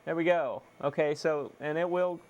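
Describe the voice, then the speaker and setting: A young man casually chatting to viewers on a live stream while repairing a console, excitable and swearing freely. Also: fairly high pitch, normal speed, highs cut off. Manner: excitable, swears, self-deprecating laughs.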